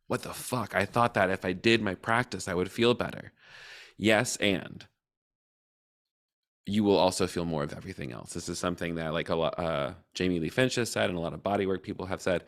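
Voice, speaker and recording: A man candidly reflecting on his feelings in a personal talk, open and emotional, with casual swearing and halting restarts. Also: low voice. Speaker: cohort facilitator.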